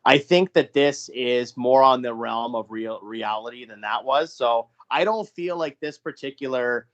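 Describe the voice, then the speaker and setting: A man co-hosting a podcast, recounting a booked match in a halting way with frequent restarts. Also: medium pitch, dull audio. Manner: halting, many restarts and fillers. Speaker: podcast co-host. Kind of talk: casual podcast chat, narrating fantasy wrestling booking.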